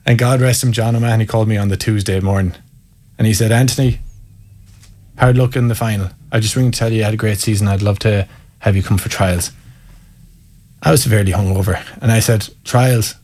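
A man's voice: fairly low pitch, fairly even intonation, quick pace, darkish tone. A man in his thirties with an Irish accent, a guest in an interview, telling candid, self-mocking stories. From Ireland. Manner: candid and self-mocking, laughs through anecdotes. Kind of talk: storytelling in an interview.

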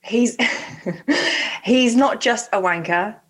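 A woman's voice: on the high side, extremely slow. A woman co-hosting a podcast, teasing and laughing often in casual chat. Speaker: podcast co-host.

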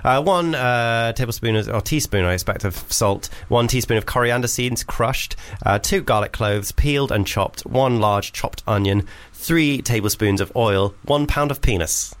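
A man's voice: mid-range voice, normal speed, hardly any pauses. Giggly male radio co-host. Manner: jokey, giggly, reads listener messages aloud. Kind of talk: comedy radio banter. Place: radio studio.

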